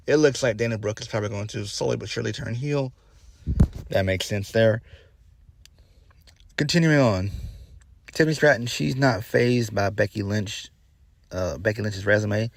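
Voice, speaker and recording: A man's voice: fairly low pitch, no echo. A man giving a casual spoken review, rambling with lots of fillers and restarts, blunt and swearing now and then. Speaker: wrestling reviewer.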